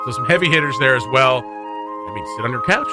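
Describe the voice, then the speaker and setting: A man's voice: medium pitch, lively intonation, music in the background. A man hosting a morning radio show, chatting casually and poking fun at himself, with frequent laughs and loose asides. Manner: chatty, self-mocking, quick to laugh. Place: radio studio.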